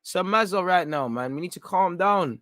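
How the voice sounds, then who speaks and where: Young man hosting a fan watchalong, bright tense voice, urgent match reactions, dry close sound. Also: high-pitched, a little fast, dry recording. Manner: excitable, urgent, coaching the players. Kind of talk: live match reaction commentary.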